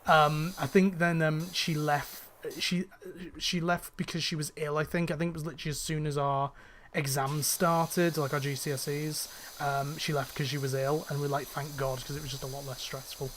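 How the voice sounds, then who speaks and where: A man's voice: a little high, flat delivery, moderate pace, a bit bright, slight background noise. A young man from northwest England with a faint, fairly neutral northern English accent, rambling in casual chat while gaming. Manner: chatty, rambling, many fillers and restarts. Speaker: gaming channel host.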